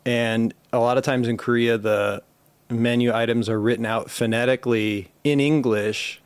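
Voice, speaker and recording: A man hosting a podcast, casually pitching joke ideas and telling stories from his own life. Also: steady tone, moderate pace, smooth, no room sound. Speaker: podcast host. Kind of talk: casual chat.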